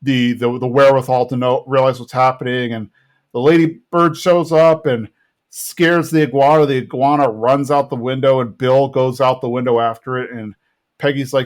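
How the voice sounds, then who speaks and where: A man co-hosting a podcast, his voice sitting at a middling pitch. He walks through a cartoon episode in a loose, rambling way, quoting the characters' lines as he goes. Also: fairly even intonation, moderate pace. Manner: rambling plot retelling with quoted character lines. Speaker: podcast co-host. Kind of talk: casual recap chat.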